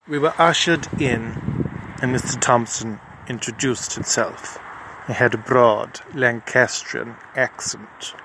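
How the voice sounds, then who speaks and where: A man's voice: mid-range voice, fairly even intonation, takes it slowly, bright, forceful tone. A man narrating a mock-serious comedy in a pompous, formal, wordy and dry manner. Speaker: narrator and comic investigator.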